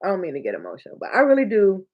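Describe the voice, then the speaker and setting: A Michigan woman in her 30s to 40s hosts a livestream as a notary signing agent trainer. She talks very fast at a medium pitch with huge pitch swings, chatting warmly with viewers and chat, laughing often and getting emotional, and the audio sounds dull.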